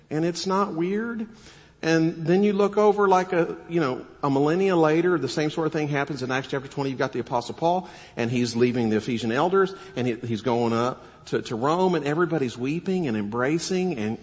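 A man preaching a sermon, animated and full of rhetorical questions, now and then acting out quoted voices. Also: on the high side. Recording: long hall reverb.

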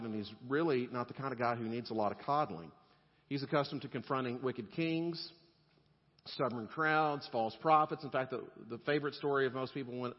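A male pastor preaching a sermon in a relaxed, conversational way, with humor and softer, gentle passages. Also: mid-range voice. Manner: conversational and humorous, dropping to soft gentle tones. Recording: lo-fi sound with long hall reverb.

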